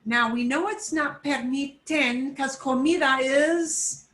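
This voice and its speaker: A woman's voice: high-pitched, slow, a bit bright. A woman teaching a beginner Spanish lesson, explaining patiently step by step and mixing Spanish phrases into her English.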